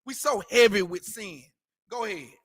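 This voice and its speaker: High-pitched guy teaching scripture class, repeats himself, street slang, keeps asking questions. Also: normal speed, fairly bright tone, slightly rough, no room sound, studio quality. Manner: emphatic, repetitive, street slang, rhetorical questions. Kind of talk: preaching scripture commentary.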